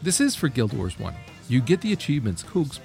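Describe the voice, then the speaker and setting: Male podcast co-host, animated pitch, ribbing and cursing, faint music underneath. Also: gravelly. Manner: teasing, swearing, quick to laugh. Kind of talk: casual gaming chat.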